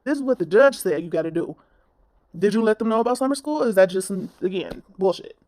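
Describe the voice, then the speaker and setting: A woman's voice: mid-range voice, animated, fast, darkish tone, no echo. A woman commentator ranting bluntly in a reaction video, scolding and swearing.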